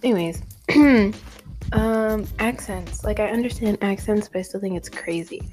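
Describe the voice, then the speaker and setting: A woman's voice: mid-range voice, unhurried, a little mellow, soft background music. A young American woman hosting a casual chat, talkative and teasing, full of likes and fillers. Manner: chatty, filler-heavy, teasing. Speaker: host.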